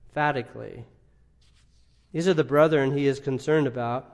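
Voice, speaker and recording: A man preaching an expository sermon, asking rhetorical questions and swinging between loud emphasis and quiet asides. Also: mid-range voice, steady tone, normal speed, vocal fry, pauses often. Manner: emphatic, rising and dropping in volume, rhetorical questions. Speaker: pastor.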